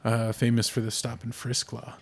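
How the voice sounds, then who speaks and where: A man's voice: medium pitch, completely flat delivery, moderate pace. Rambling young American man chatting. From United States. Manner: rambling, frequent fillers and restarts. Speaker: podcast co-host. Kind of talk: casual political chat.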